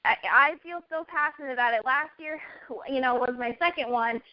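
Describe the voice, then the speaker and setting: A young woman with a high, bright-toned voice tells her story in an earnest, heartfelt way, often acting out what she and others said. The recording is dull and lo-fi. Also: a little fast. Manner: earnest storytelling, quotes herself. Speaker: network marketing guest. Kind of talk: casual chat. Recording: dull lo-fi audio.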